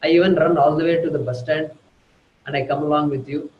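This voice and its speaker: A man's voice: a little high, steady tone, fast talker, echoey room, dull audio, slight background noise, close to an everyday voice. A man voicing a frustrated pet dog grumbling at its owner. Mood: aggrieved. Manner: aggrieved, complaining.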